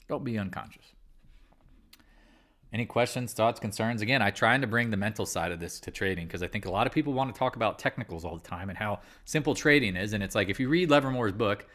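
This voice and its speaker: A man's voice: on the low side, a bit bright. A man hosting a live market chat, talking candidly and rambling, with casual swearing. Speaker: livestream trading host.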